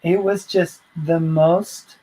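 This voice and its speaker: A woman's voice: lowish voice, steady tone, slow, dark tone, poor audio. A woman vlogger telling a personal story in a heartfelt, rambling way, full of fillers and restarts.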